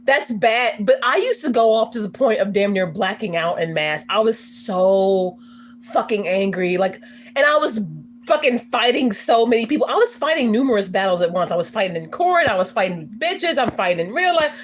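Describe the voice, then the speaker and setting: A young woman chatting casually on a livestream, swearing, slangy, and breaking into loud laughing fits. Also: mid-range voice, lively intonation, normal speed, a little hiss or hum. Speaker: livestreamer reacting to chat.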